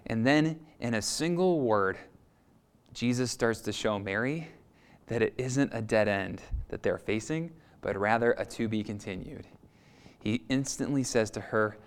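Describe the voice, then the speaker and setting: A man preaching a sermon, retelling a story in a lively, expressive storytelling manner. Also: mid-range voice, normal speed. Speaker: pastor.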